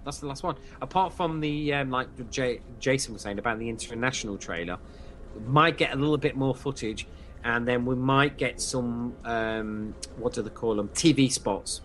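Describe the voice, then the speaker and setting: A man's voice: mid-range voice, normal speed, a bit bright, slight background noise. A man co-hosting a fan podcast, chatting enthusiastically, repeating himself with plenty of fillers. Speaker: podcast co-host. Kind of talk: casual podcast chat.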